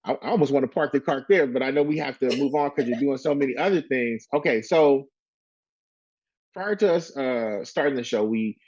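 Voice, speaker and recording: A man hosting an interview, enthusiastic but halting, with frequent restarts. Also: mid-range voice, a little mellow, dry recording. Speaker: podcast host. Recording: dry, slightly dull sound.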